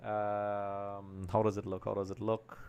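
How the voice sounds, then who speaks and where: A man hosting a live football watch-along, chatting to viewers and getting excited at every chance. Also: fairly low pitch, unhurried, clean tone, muffled recording. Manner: chatty, keeps addressing viewers as folks, gets excited at chances. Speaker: live stream host.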